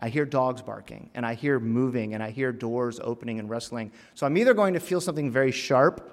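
Animated preacher in an echoing hall. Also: male voice, mid-range voice, brisk. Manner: animated, with sudden loud emphatic bursts and quiet drops. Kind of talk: sermon with humorous personal story. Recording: long hall reverb.

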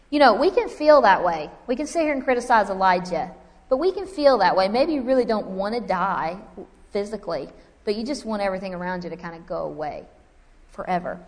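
A woman preaching to a women's gathering, telling a personal story with lively acted-out dialogue and self-mocking humor, then reading scripture. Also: mid-range voice, in a large hall.

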